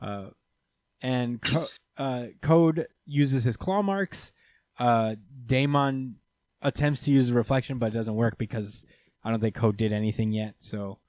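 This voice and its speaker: The man's mid-range voice is steady, a little slow and slightly mellow, captured with dry, clean studio sound. He co-hosts a podcast, chatting casually through a rambling anime episode recap heavy on fillers.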